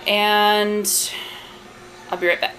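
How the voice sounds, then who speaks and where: A woman's voice: medium pitch, level tone, slow, fairly bright tone, soft background music. A woman casually chatting through a home cooking vlog in her kitchen, rambling with fillers and asides. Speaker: home cook and channel host. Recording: home video with noticeable background noise.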